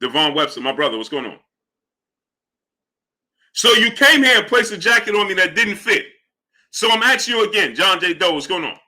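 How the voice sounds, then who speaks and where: A man's voice: sits high, sing-song, moderate pace, pauses often, pushed and bright. A man hosting a live boxing stream, arguing with chatters and greeting them by name. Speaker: livestream host. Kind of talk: live chat boxing talk.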